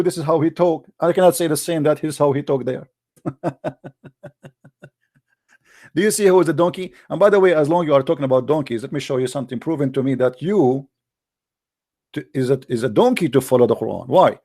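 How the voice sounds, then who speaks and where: A man's voice: on the high side, quick pace, a little mellow. A man hosting a heated call-in debate, arguing hard and repeating his questions over and over. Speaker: debate host.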